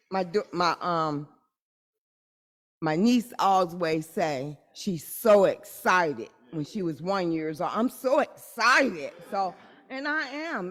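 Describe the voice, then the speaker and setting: A woman's voice: medium pitch, in a large hall. A woman eagerly greeting a church assembly, saying how thrilled she is to be there. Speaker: church member.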